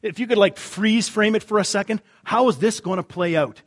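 A man preaching in a loose, conversational style, his voice sitting a little high for a man. He peppers the congregation with rhetorical questions, then sinks to a hushed, slow weight on the words he wants to land. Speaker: pastor. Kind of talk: sermon.

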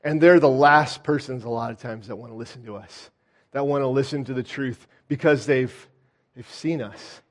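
A man preaching a sermon, telling the story in a lively way, often pausing on "uh" and restarting his words. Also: mid-range voice. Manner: animated, acts out the townspeople's doubts; frequent "uh" fillers and restarts. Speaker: pastor.

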